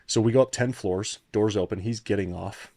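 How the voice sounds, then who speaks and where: The founder-turned-CEO-coach, a man in his thirties, appears as a podcast guest recounting a personal story with earnest reflection. Emotion makes him restart often. His voice is lowish and dark at a moderate pace, recorded dry.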